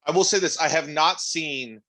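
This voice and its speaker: A man's voice: on the high side, moderate pace, bright, forceful tone. A man co-hosting a podcast, arguing his points emphatically in casual chat with plenty of swearing. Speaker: podcast co-host.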